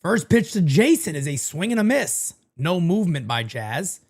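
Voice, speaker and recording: Animated man calling baseball live. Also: normal speed, slightly rough. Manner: animated, jumps between hype and low asides. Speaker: live baseball watch-party host. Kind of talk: live play-by-play commentary and sponsor read.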